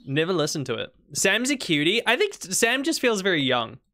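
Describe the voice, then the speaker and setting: A woman's voice: on the low side, big pitch swings, fairly quick, a bit bright, slight background noise. A young woman from New Zealand with a mild Kiwi accent, chatting casually and teasing her chat while streaming a farming game. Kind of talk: casual gaming livestream chat.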